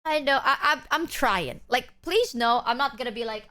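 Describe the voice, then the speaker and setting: A woman's voice: sits high, lively intonation, normal speed, hardly any pauses, bright, forceful tone. A young woman streamer chatting casually with her viewers, rambling and self-deprecating, swearing freely and acting out people she quotes. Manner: quotes people in exaggerated put-on voices.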